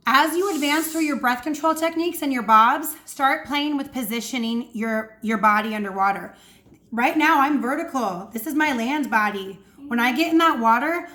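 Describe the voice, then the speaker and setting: An energetic woman swim coach with a high voice gives casual instruction to the camera at home indoors, demonstrating breathing sounds.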